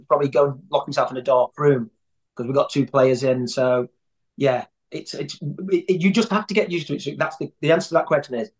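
A man telling long anecdotes in a rambling, conversational way as an interview guest. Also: medium pitch. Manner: rambling storyteller, many restarts.

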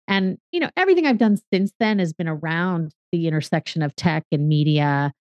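Measured, reflective woman guest in her fifties. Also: low-pitched, expressive, a little mellow, dry recording, dull audio. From California. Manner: reflective, with fillers and a measured, explanatory pace. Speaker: podcaster and strategic consultant, guest. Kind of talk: conversational interview answers.

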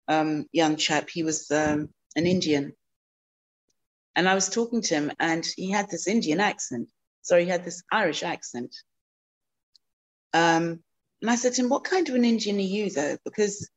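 A woman from South Africa, a guest answering interview questions thoughtfully, with many pauses and ums. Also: on the low side.

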